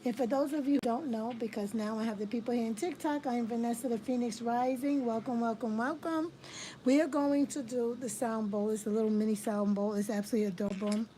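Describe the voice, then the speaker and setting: A woman reads tarot cards on a livestream, welcoming viewers with warm repeated phrases. Her voice sits a little high but sounds mellow and dark in tone, with a faint hiss under it. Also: fairly even intonation, fast talker, few pauses, rough recording. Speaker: tarot reader hosting a livestream. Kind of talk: casual livestream tarot reading.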